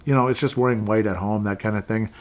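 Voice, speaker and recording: A man's voice: fairly low pitch, steady tone, quick pace. A man hosting a sports podcast, chatting loosely and reading out listener comments. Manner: rambling, chatty, with restarts and laughs. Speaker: podcast host.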